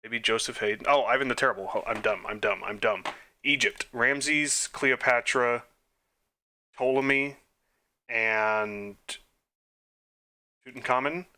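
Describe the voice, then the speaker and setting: A man's voice: mid-range voice, takes it slowly, long pauses, pushed and bright. A young man casually thinking aloud as he plays trivia quizzes, muttering answers and making self-deprecating, chatty asides. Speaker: quiz game let's player.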